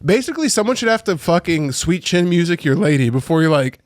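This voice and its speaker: A man trades teasing, profane jabs on a podcast, his somewhat high voice swinging widely in pitch. He laughs often and talks in a loose, casual way. The sound is dry and close. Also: animated, fast talker, few pauses, no room sound. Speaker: podcast co-host. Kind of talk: casual banter.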